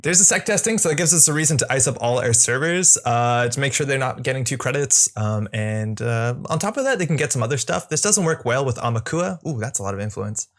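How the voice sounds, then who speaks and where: A man's voice: medium pitch, animated, fairly quick, few pauses. Young man musing through a card game. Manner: casual, musing, self-correcting. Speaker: channel host and card game player. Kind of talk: thinking-aloud gameplay commentary.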